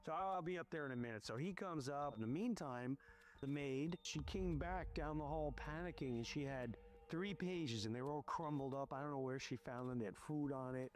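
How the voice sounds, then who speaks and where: A man casually telling a personal story in an animated, rushed way, often restarting his sentences. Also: on the high side. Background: music.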